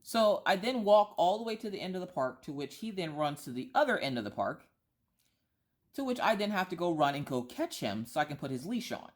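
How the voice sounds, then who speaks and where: A vlogger in her thirties chats casually in a lowish, sing-song voice at a brisk clip, telling a rambling story packed with asides and restarts.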